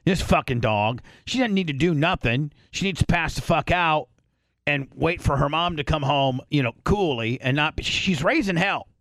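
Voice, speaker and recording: A man hosting a podcast, telling a long rambling story in casual chat, swearing freely and clearing his throat often. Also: on the high side, lively intonation, normal speed, fairly bright tone, no echo, clean studio sound. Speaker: podcast host.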